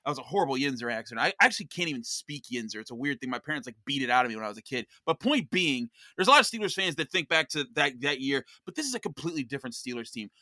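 Animated, bright-voiced young man. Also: medium pitch, rapid-fire, few pauses, no echo. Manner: animated storyteller with many restarts. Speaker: podcast host of a football show, guest. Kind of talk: excited podcast chat.

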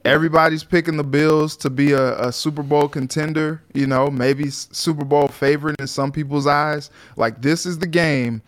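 Relaxed, rambling sports talk man. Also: fairly high pitch, normal speed, hardly any pauses. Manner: relaxed, rambling, many fillers. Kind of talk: casual sports chat.

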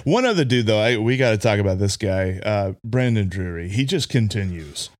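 A man's voice: fairly low pitch, animated, moderate pace. A man co-hosting a sports podcast, chatting casually and jokingly, often trailing off and restarting.

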